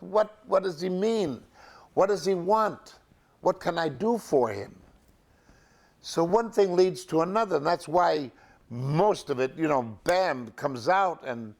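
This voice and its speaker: An older man recalling his film work in an interview, halting and full of fillers and restarts. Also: a little high, a little mellow. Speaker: actor interviewee. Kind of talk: reminiscing interview.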